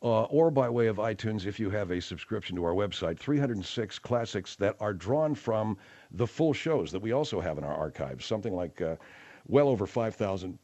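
A man's voice: on the low side, lively intonation, normal speed, mellow. A man hosting a late-night radio talk show, telling rambling, slangy stories. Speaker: radio host.

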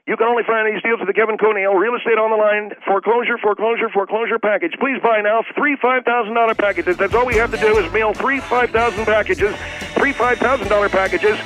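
A man playing a desperate, rambling real estate pitchman in a comedy radio sketch. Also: fairly even intonation, fast talker, a bit bright, no echo, soft background music. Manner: rambling, desperate hard sell. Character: frantic over-the-top male real estate pitchman. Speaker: infomercial pitchman. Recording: dry, dull lo-fi phone line.

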